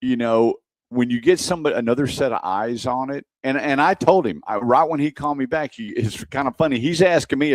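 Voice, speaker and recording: A man's voice: mid-range voice, brisk, hardly any pauses, no echo. A man hosting a car radio show, telling a story in casual chat and acting out the dialogue. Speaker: radio show host, former car salesman.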